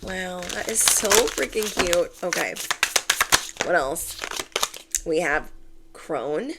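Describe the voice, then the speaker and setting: A woman giving a chatty, animated tarot reading to camera, repeating key phrases to reassure. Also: on the low side, slow, background noise. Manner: chatty and animated, acts out quoted voices. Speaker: tarot reader.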